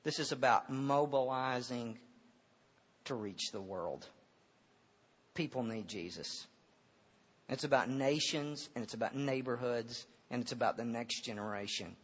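A middle-aged male pastor preaching a sermon in a church auditorium, moving from loud, impassioned preaching to hushed storytelling. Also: mid-range voice, unhurried, pauses often, husky. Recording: dull reverberant hall sound.

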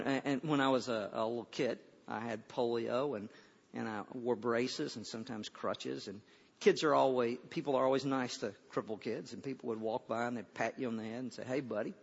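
Preaching in a folksy manner, an older pastor tends to say his first words twice before getting into a thought. He has a medium-pitched voice and normal speed, captured in a dull-sounding recording with a long hall echo.

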